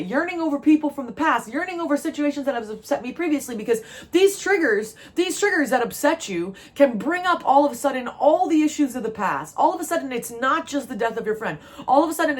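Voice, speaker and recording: Her mid-range, fairly bright voice carries a tarot reader's spiritual encouragement. This New Jersey woman repeats herself emphatically, keeps saying "baby" to the listener, and sounds on the verge of crying.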